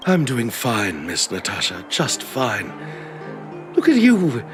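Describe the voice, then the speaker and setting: An actor playing a courteous, devoted old family retainer in a game, speaking formally. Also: male voice, mid-range voice, wildly swooping pitch, slow. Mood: courtly, kind. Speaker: family caretaker in a game cutscene. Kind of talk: voice acting in a game cutscene. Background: game score music.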